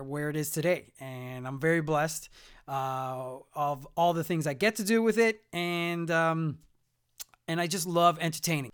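A man's voice: fairly high pitch, smooth. A man hosting his own podcast alone at a mic, chatting in a rambling, self-mocking way full of jokey asides. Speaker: podcast host. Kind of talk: solo podcast chat. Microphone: studio mic.

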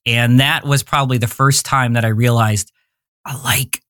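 A man's voice: medium pitch, steady tone, moderate pace, a bit bright, no echo, clean studio sound. Candid rambling man in his forties. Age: 40s. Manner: rambling, candid, often searches for words. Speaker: podcast guest. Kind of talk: casual interview storytelling.

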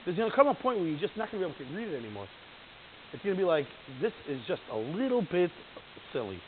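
A man giving an informal Torah class to a group, animated, laughing and acting out the voices he quotes. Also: high-pitched. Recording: tinny phone-line sound with faint hiss.

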